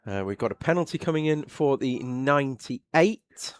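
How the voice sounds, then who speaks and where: A man with an English accent doing live motorsport commentary, chatty and quick to react loudly when something happens on track. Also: mid-range voice, lively intonation, clear, resonant tone. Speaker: race commentator.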